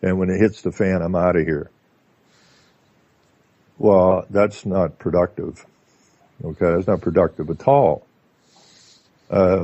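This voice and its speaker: A Canadian man talking casually as a radio guest, telling stories in an animated way with lots of filler words. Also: low-pitched, vocal fry, no room sound. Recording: dull lo-fi line.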